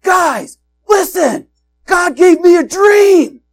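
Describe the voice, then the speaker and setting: A man putting on an elated young dreamer, shouting his news in a high, strained voice. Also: expressive, slow pace, full character voice. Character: young male dreamer, bursting with excitement.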